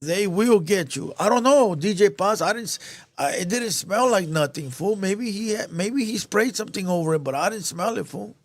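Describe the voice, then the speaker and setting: A man's voice: sits high, animated, normal speed, no echo. Profane slangy man telling a heated story. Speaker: show host telling a story to chat. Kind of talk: casual storytelling rant.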